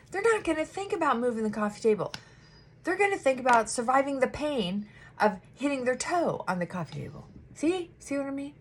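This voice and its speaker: A woman therapist chatting casually while doing her makeup, animated and acting out her clients' voices. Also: sits high, slight background noise.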